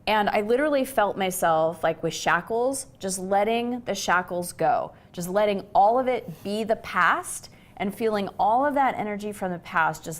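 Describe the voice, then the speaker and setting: A middle-aged woman telling a personal story in a casual conversational way, acting out the voices of people she quotes. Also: medium pitch. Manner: animated, acts out quoted voices. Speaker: host.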